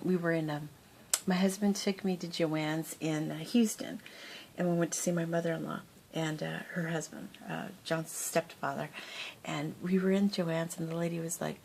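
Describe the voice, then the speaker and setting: Low-voiced chatty woman vlogging. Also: a little fast, slight background noise. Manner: chatty, rambling, laughs often. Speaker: crafting vlogger. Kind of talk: casual chat to camera.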